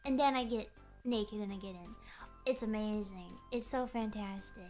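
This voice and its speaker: A young woman streaming, telling a rambling story in a giggly, animated way. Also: medium pitch, moderate pace, soft background music. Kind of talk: casual chat. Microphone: streaming microphone.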